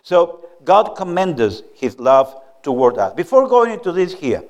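A man who is a visiting preacher, praying and then giving a sermon in a meeting hall, speaking slowly and deliberately and stressing key words. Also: on the high side, big pitch swings, darkish tone. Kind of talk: sermon with opening prayer.

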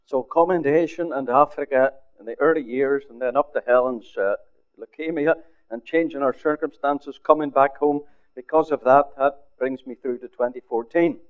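An older man, a pastor, telling a story in a sermon, often dropping his voice to a near hush for quoted words. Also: mid-range voice, normal speed, smooth. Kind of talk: sermon testimony. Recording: phone-like narrow sound.

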